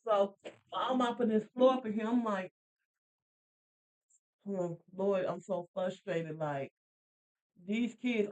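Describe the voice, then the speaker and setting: A woman's voice: mid-range voice, low-quality recording. A woman in her thirties or forties co-hosting a casual faith podcast, chatty and repetitive, laughing easily. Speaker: podcast co-host.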